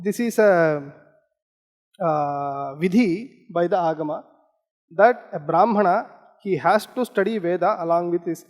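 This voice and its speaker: High-voiced man lecturing in a hall. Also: a little mellow. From India. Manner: explanatory, with frequent "okay" and "uh" fillers. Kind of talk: academic lecture.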